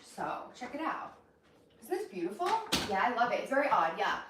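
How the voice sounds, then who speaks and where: Noise fills the background as a hungover woman in her thirties streams live from her home kitchen, bluntly chatting and reacting to the comments she reads aloud, her volume rising and falling. Her voice is on the high side, sing-song and a little fast.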